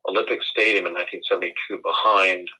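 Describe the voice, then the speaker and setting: A man's voice: sits low, steady tone, fast talker, pushed and bright, husky, full character voice, low-quality recording. A man voicing a boastful young German man bragging to friends in a pub, in his own plain voice with no accent.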